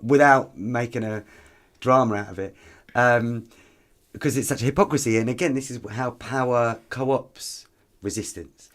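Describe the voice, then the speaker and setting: A man, a podcast guest and activist, telling stories in an animated, chatty way with frequent ums. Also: fairly low pitch. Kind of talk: conversational podcast interview.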